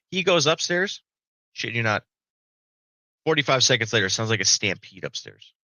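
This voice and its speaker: Middle-aged guy telling a story on a podcast, low-ish voice, bright and dry, cusses a lot. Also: no echo, poor audio. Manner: swears freely, keeps tagging "right?". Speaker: podcast guest. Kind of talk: casual storytelling.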